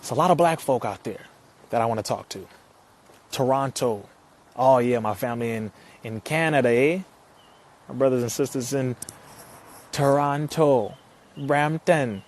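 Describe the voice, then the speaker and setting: A young man from California, hosting a casual livestream. He energetically reads viewer comments aloud, shouts out their cities, and often laughs between phrases. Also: medium pitch, moderate pace, long pauses. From Compton, California. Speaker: live-stream host. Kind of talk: casual live-stream chat.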